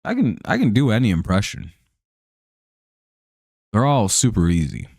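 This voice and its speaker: A man's voice: lowish voice, wildly swooping pitch, normal speed, darkish tone, breathy edge, no echo. An American man hosting a live stream, chatting casually over a baseball game in a rambling, profane way with lots of fillers. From United States.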